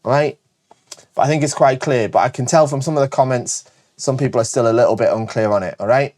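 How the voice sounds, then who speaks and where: A man with a northern English accent, hosting a casual show where he answers viewer questions, talking fast and chattily with frequent self-corrections. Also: medium pitch, a little mellow. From Britain. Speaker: host.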